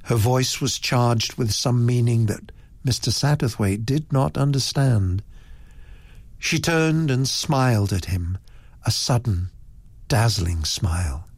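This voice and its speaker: A man narrating a story aloud in a slow, expressive reading. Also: mid-range voice, husky, dry recording. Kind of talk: audiobook narration.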